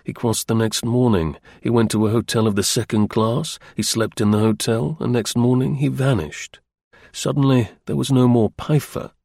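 A man narrating an audiobook in a measured, even storytelling manner. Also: medium pitch, gravelly, dry recording, studio quality.

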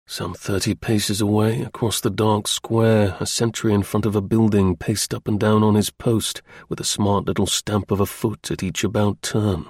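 Gravelly low-voiced male storyteller. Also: flat delivery, darkish tone, no room sound, clean studio sound. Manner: measured, literary storytelling. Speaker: audiobook narrator. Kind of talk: scripted narration.

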